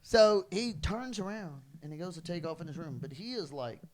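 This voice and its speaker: A man on a casual podcast telling a funny story with lively energy, acting out shouted quotes and laughing as he goes. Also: fairly high pitch, normal speed.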